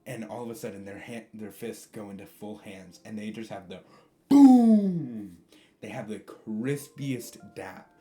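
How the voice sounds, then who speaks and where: A man tells a casual fan-fiction story, rambling along in slang. His voice is low and mellow. The recording is roomy, with guitar faint behind. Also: fairly even intonation, normal speed, hardly any pauses. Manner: rambling, slangy, laughs often.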